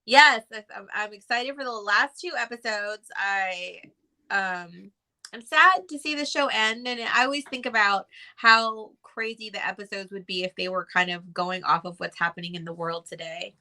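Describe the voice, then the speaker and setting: A woman co-hosts a podcast, chatting casually in an easygoing way. Her mid-range voice is bright and forceful, at a normal speed.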